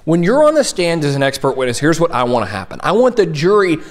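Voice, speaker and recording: A young man from Tennessee explains courtroom tips in a relaxed, conversational way. His voice sits a little high for a man, and he keeps checking in with his listeners. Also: quick pace. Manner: conversational, keeps asking "right?". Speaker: mock trial coach. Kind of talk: instructional video talk.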